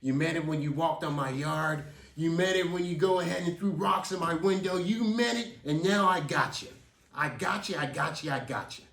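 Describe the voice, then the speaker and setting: A shrill, furious grumpy neighbor who rants and hammers the same threats over and over, as a storyteller puts him on. His voice leaps high and wide, heard from a distance in an echoing room. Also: expressive, a little slow, fairly bright tone. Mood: gloating. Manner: ranting, repeats his threats. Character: grumpy, vengeful male neighbor, shouting threats. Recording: roomy, from a distance.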